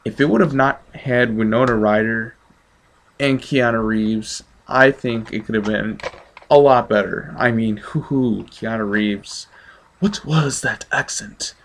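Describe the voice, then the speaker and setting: A man's voice: on the low side, measured pace, a bit bright, a little hiss or hum. A man giving a casual, offhand movie review, chatty with many ums.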